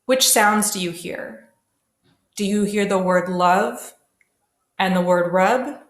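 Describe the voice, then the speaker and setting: A woman with a medium-pitched voice teaches a classroom pronunciation lesson, modelling sounds slowly and carefully for students to repeat. The room is echoey.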